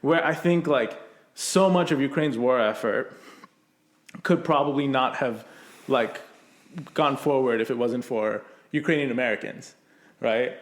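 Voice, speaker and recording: A man's voice: mid-range voice, unhurried, long pauses. A man hosting a casual podcast chat, rambling with lots of fillers as he thinks aloud. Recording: roomy echo.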